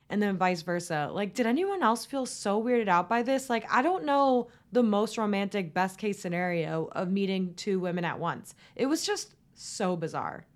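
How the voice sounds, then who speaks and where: A woman's voice: mid-range voice, expressive, moderate pace, few pauses. Chatty sarcastic young woman podcaster. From Florida. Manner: chatty, sarcastic, valley-girl fillers. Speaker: podcast host. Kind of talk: solo recap podcast, casual chat.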